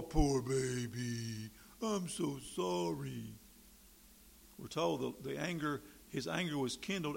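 A man preaching a sermon in an animated, sarcastic way, swinging from quiet remarks to loud, emphatic bursts. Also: a little high, creaky.

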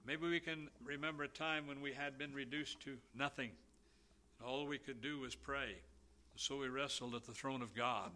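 A man preaching a sermon, slow and emphatic, with a volume that swells and drops. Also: mid-range voice, steady tone, bright, forceful tone.

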